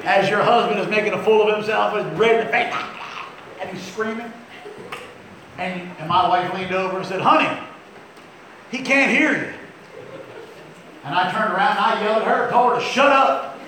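A man's voice: high voice, brisk, a little hiss or hum. Echoey middle-aged preacher man, folksy. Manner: folksy storytelling with sudden loud outbursts. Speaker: pastor. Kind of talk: sermon. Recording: very echoey church hall.

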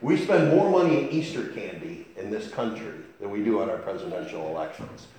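A man preaching a sermon as pastor, telling folksy stories with an animated delivery. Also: fairly low pitch, a little fast. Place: church sanctuary. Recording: very echoey church hall.

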